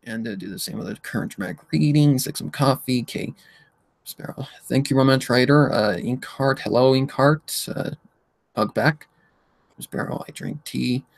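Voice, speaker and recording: A man hosting a relaxed livestream at a middle pitch, rambling through his thoughts and swearing freely. He reads viewer messages aloud and hums while he scrolls. The sound is dry and close, with no room echo. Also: normal speed, vocal fry. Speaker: livestream host. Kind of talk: casual livestream chat.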